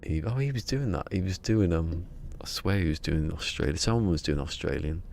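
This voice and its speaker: A man chats casually on a game stream, wandering from topic to topic and poking fun at himself. His voice is low and gravelly. A faint hiss sits under the desk mic. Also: expressive, fairly quick, darkish tone. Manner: rambling, self-mocking banter. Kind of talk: casual live-stream chat.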